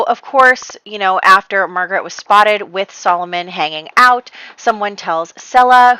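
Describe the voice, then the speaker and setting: A woman talks through her Sims family's drama in a casual, chatty recap, peppering it with "like" and quick quoted lines. Her voice is bright and forward. The sound is dry and close. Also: mid-range voice, clean tone, dry recording, rough recording. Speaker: Sims gameplay narrator.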